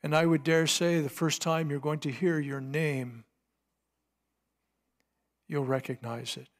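A man preaching a sermon, retelling a scripture scene dramatically, swinging between hushed and emphatic delivery. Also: a little high, steady tone, measured pace. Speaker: pastor.

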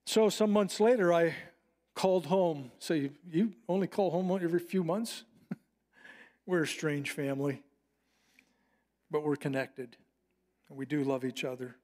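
A middle-aged male pastor delivering a sermon in an earnest, heartfelt way. His voice sits a little higher than most men's, and he slows deliberately on phrases he wants to land. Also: a little mellow. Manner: earnest, personal storytelling with slowed emphatic phrases.

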